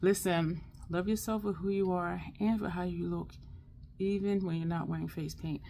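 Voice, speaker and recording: Doing her look on her makeup channel, this woman talks to her viewers directly, casual, upbeat and affirming. Her lowish voice carries vocal fry and a mellow quality, with fairly even intonation at normal speed, and there's a little hiss or hum in the recording.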